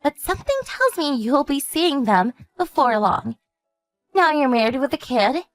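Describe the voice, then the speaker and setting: Lively, high-pitched composed sister, a woman voicing her for an animated story. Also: no echo, faint music behind. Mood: steady. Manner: measured, explanatory storytelling. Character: calm woman warning her sister about a stalker ex.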